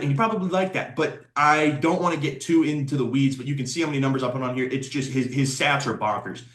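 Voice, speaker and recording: A young man hosting casual opinion commentary on fighters, excitable, blunt and full of slang. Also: medium pitch. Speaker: sports commentator and channel host. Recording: roomy echo.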